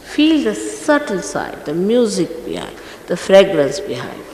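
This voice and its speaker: A woman spiritual teacher gives her followers a stern, scolding talk, emphatic and admonishing, her medium-pitched, slightly mellow voice swooping wildly at a measured pace. It is an echoey archive recording from a large hall, with faint noise.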